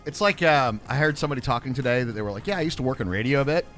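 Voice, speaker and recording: A man talks casually while gaming on a livestream, rambling from one aside to the next. His pitch swings up and down in a lively way. Faint music plays behind him. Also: racing. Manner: animated, rambling, jokey asides. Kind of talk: casual chat while playing.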